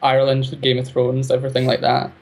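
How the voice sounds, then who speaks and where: A man's voice: mid-range voice, monotone, fast, darkish tone. A man chatting as an interview guest, talking freely and laughing often between points. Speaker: guest, arts project creator. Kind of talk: casual interview chat.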